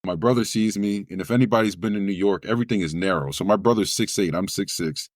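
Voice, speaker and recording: A man's voice: lowish voice, fast talker, dry recording, studio quality. A man, a spoken word poet, telling a personal story in an interview and acting out the other people's voices as he goes. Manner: animated storyteller who acts out quoted voices.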